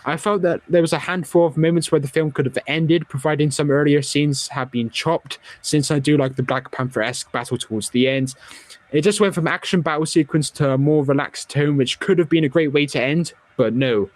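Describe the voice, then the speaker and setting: A man's voice: fairly high pitch, fairly quick, dry recording. A young man hosting a casual film review podcast, opinionated and chatty. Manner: opinionated, chatty with filler words. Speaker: podcast host.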